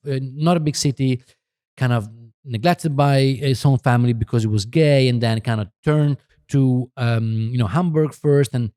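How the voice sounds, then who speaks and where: A man's voice: medium pitch, mellow, no room sound, studio quality. A man with an Italian accent telling a rambling story in a casual podcast chat, laughing and restarting often. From Italy. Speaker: podcast guest, photographer.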